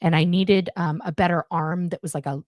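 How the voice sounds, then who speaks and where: A woman's voice: lowish voice, steady tone, fairly quick, darkish tone, no echo. A young adult woman chatting as a guest on a live stream from a home setup, rambling with many fillers and restarts. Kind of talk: casual chat on a live stream. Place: home room. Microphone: budget USB mic, home setup.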